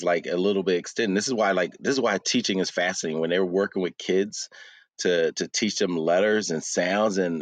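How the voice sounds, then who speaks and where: Man, co-host, casual chat, low voice, dry close sound, lots of fillers. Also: dry recording. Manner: animated storyteller, many fillers. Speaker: podcast co-host.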